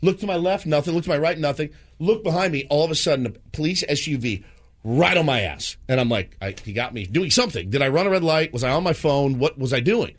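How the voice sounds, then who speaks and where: A man's voice: on the high side, quick pace. A man in his thirties, co-hosting a radio morning show, telling a story with lots of acted-out voices. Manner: animated, acts out voices in his stories.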